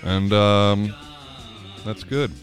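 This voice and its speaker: Very deep-voiced man musing aloud. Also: extremely slow, over music. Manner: rambling, self-interrupting, laughs often. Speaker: podcast host. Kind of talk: casual solo monologue.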